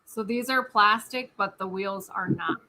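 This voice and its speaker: A woman's voice: medium pitch, unhurried, bright, forceful tone, a little hiss or hum, rough recording. A woman co-hosting a live stream auction, chiming in with brief notes and reminders to viewers. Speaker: co-host of an online storage auction stream.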